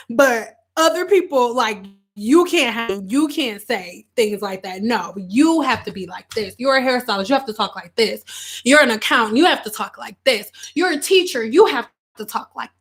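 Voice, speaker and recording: A woman's voice: fairly high pitch, sing-song, measured pace, fairly bright tone. A hairstylist who hosts her own online channel, talking candidly to viewers on a casual livestream and acting out quotes.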